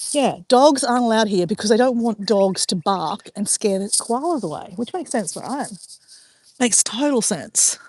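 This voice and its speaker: A woman's voice: medium pitch, darkish tone. A middle-aged Australian woman rambles cheerfully to her audience as she walks a riverside trail. Her voice sits mid-range and close, with no room echo around it. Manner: chatty and rambling, talks while walking outdoors. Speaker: vlogger. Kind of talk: casual walking vlog, chatting with viewers. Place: outdoor walking track by a river.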